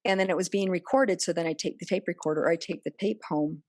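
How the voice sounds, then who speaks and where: Speaking at a quick pace, a woman with a fairly low, darkish-toned voice talks earnestly as a podcast guest in a personal interview. She regularly acts out recalled dialogue in different voices, recorded in a clean, echo-free studio.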